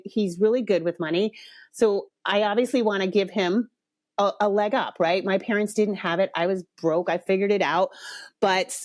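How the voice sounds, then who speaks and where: A woman's voice: mid-range voice, darkish tone, no room sound, clean studio sound. Frank, blunt woman podcast host. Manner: frank and blunt, swears, builds up to exasperation. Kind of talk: casual storytelling monologue.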